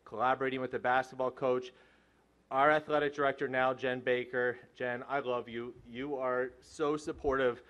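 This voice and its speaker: A man's voice: medium pitch, flat delivery, moderate pace, a bit bright, clear, resonant tone, dull audio. A man in his forties, a head track coach, giving a joking, self-deprecating and rambling hall of fame acceptance speech. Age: 40s.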